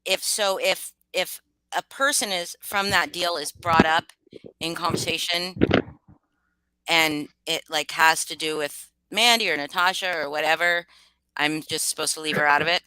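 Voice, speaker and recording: A woman's voice: low-pitched, normal speed, sharp tone, smooth, dry recording, poor audio. A woman hosting a livestream in casual chat, candid and swearing freely. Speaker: livestream host.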